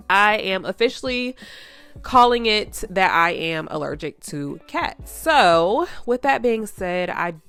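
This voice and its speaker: A woman's voice: sits low, clean tone. A young woman who runs a nail channel, chatting casually with a stuffy nose, full of "y'all" and "like". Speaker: nail tech vlogger. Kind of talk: casual chat over a tutorial. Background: soft background music.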